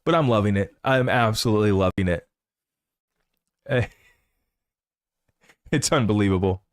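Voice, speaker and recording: Excitable male crypto host, dry sound. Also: on the low side, unhurried, clear, resonant tone, no room sound. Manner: excitable, rambling, laughs at the news. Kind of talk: casual livestream commentary.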